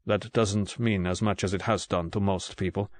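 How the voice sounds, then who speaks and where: A man voicing a deep-voiced gruff Greek man. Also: fairly even intonation, no room sound, lightly acted. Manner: measured, contemptuous. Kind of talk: audiobook character voice.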